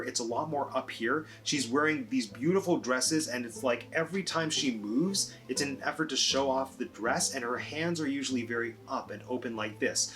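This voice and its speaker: A man's voice: medium pitch, fairly bright tone. Eager, gushing man reviewing a show. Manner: eager, gushing, with sudden emphatic lifts. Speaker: film and TV reviewer. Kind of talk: enthusiastic review vlog.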